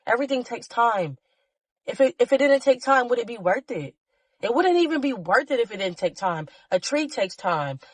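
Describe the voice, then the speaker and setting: A woman's voice: fairly high pitch, sing-song, moderate pace, no echo. A woman hosting her own podcast, giving a passionate, blunt motivational talk to listeners and swearing freely. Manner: emotional, preachy urging of listeners. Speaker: podcast host. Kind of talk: motivational solo podcast monologue.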